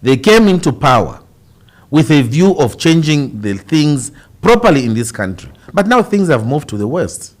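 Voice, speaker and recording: Impassioned Zambian man, lively pitch. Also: moderate pace. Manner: impassioned, emphatic, rhetorical questions. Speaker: politician guest. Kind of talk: radio interview.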